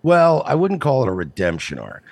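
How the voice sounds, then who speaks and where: Gravelly, lively sardonic male co-host. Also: medium pitch, normal speed, dry recording. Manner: sardonic, crude. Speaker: podcast co-host. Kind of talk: casual commentary chat.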